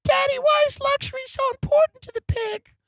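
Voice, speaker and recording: A man's voice: extremely high pitch, fairly even intonation, fairly quick, a bit bright, no room sound, pitched above the performer's own voice. A man voicing a frightened little kid, asking his father plaintive questions.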